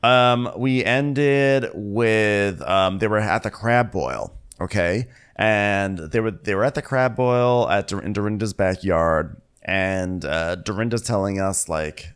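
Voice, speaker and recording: A man's voice: lowish voice, slow, few pauses, clear, resonant tone. A man co-hosting a podcast, recapping in a rambling, casual way with lots of filler words. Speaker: podcast co-host.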